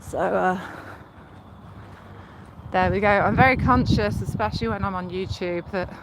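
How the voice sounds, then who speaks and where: A young woman from Leicestershire with a softened Leicestershire accent, chatting on a live stream while walking a cycle path, enunciating carefully and giggling. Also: medium pitch, moderate pace. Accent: Leicestershire English, toned down. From Leicestershire, England. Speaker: livestreamer. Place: outdoors on a riverside cycle path. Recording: loud outdoor noise, wind and traffic.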